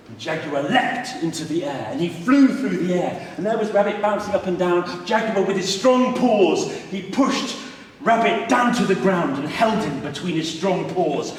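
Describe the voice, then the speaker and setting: A man's voice: sits high, animated, moderate pace, a little hiss or hum. A man leading a storytelling workshop, telling a folk tale with rhythmic repetition and then explaining the technique. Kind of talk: storytelling and teaching. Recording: echoey hall, voice from far off.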